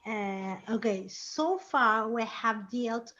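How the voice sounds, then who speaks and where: A woman with an American accent, a student reading aloud slowly in an online class. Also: a little high, fairly bright tone. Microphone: video call. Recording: dull lo-fi video call audio.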